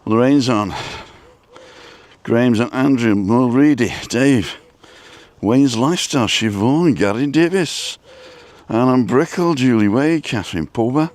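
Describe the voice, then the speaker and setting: A man live-streaming as he walks outdoors by the coast, chatty and rambling, a little out of breath from walking briskly. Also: mid-range voice, animated, a little mellow. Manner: chatty, rambling, greets viewers by name. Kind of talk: casual walk-and-talk live stream.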